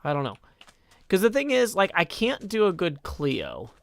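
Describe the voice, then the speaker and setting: A man's voice: high-pitched, huge pitch swings, moderate pace, vocal fry, no room sound. A man live-streaming a game, reading chat messages aloud and answering them in a wry, self-deprecating way.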